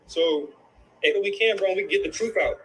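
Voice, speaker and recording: A man's voice: sits high, normal speed, fairly bright tone, slight background noise, rough recording. A man in a heated, profane rant, angry and repeating himself, tossing in "bro" again and again. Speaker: guest in a livestream clip.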